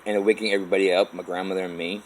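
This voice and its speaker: Low-voiced man telling a rambling story. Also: flat delivery, slight background noise, poor audio. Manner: halting, with restarts and repeated "all of a sudden". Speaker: vlogger telling his life story. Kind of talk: rambling first-person storytelling.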